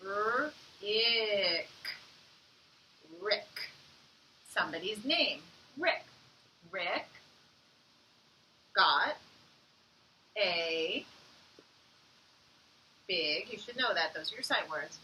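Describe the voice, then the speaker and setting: A woman teacher giving an online phonics lesson to young children. She speaks encouragingly and sounds words out slowly. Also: medium pitch, expressive, sharp tone, distant mic, a little hiss or hum, low-quality recording.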